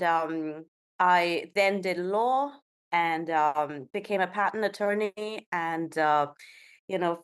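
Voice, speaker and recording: A woman's voice: mid-range voice, clear, resonant tone. A woman in her thirties from India, chatting as a podcast guest in a rambling, conversational way. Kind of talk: casual conversational interview.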